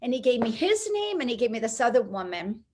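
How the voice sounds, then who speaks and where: A middle-aged woman telling a personal story as an interview guest, lively and acting out the people she quotes. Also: fairly high pitch, brisk, noisy background. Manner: animated, acts out quoted voices.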